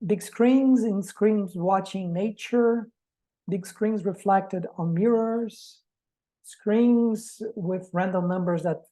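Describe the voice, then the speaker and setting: A woman's voice: mid-range voice, warm tone, low-quality recording. A woman giving an academic presentation to a reading group, speaking reflectively and posing rhetorical questions.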